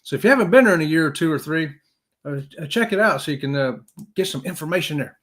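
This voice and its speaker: A man's voice: fairly high pitch, lively intonation, quick pace, fairly bright tone. A man hosting a casual live-stream chat, jokey and talkative, greeting viewers by name.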